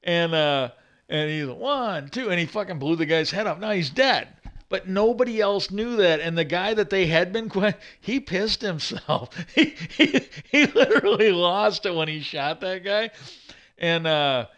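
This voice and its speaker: A man's voice: high voice, animated, normal speed, a bit bright. Rambling man telling stories on a livestream. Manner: rambling, with fillers and restarts. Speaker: livestream host. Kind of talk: casual rambling storytelling.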